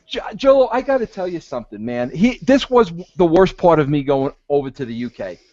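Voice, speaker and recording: A man on a casual podcast call, talking excitedly in rambling stories and saying "bro" constantly. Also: fairly high pitch, fairly quick, no room sound, lo-fi sound.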